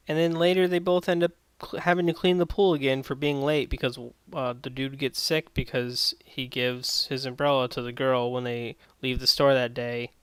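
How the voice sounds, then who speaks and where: A man's voice: mid-range voice, little pitch movement, moderate pace, hardly any pauses, fairly bright tone, clear, resonant tone, no echo, rough recording. A man giving a casual spoken anime review in a rambling, sardonic, profane way.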